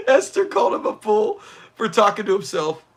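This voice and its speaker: A man hosting a livestream watch party, chatting casually, answering viewers and laughing often. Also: high-pitched. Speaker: livestream host.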